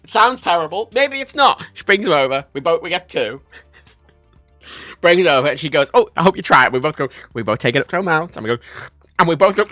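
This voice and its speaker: Man, livestream host, animated storyteller, swears a lot, bright voice, dry close sound. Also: on the high side, a little fast, no echo, soft background music. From Ireland. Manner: animated, sweary storytelling, reads chat aloud. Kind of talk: casual livestream chat.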